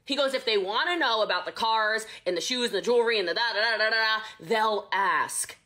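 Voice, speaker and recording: Boastful woman with a bright voice. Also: a little high, fairly quick. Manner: boastful, animated, laughs often. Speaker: podcast guest, network marketer. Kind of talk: casual conversational storytelling.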